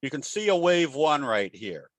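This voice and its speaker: A man's voice: a little high, sing-song, normal speed, no room sound. A man giving a casual trading webinar in a folksy, storytelling way, with frequent restarts. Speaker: trading educator presenting a webinar.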